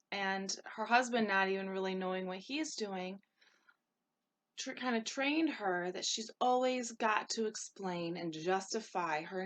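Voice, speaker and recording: A woman coaching her listeners on relationships, talking in an animated way and acting out short quoted exchanges. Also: mid-range voice. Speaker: holistic life coach. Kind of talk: spoken advice talk.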